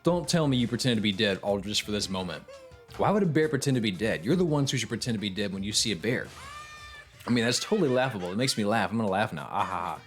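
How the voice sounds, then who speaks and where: A man's voice: on the low side, animated, quick pace, soft background music, voice pushed down, close to an everyday voice. A man voicing a gloating, mocking robot bear headmaster as he reads game lines on stream, taunting and theatrical. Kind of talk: reading game dialogue aloud on stream.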